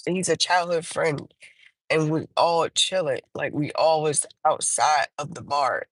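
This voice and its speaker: The audio is poor but echo-free. A woman hosting a livestream casually recounts a personal testimony, stopping often, starting sentences over, leaning on fillers, and lifting her pitch to act out things she once said.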